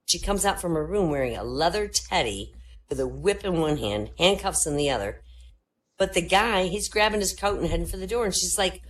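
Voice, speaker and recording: A woman's voice: fairly low pitch, lively intonation, a little fast, rough recording. A woman comedian telling a string of jokes at an online comedy show, switching into character voices.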